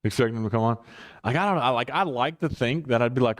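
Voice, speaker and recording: A man's voice: medium pitch, fast. A man leading a casual Bible study as pastor, rambling and correcting himself with chuckling asides.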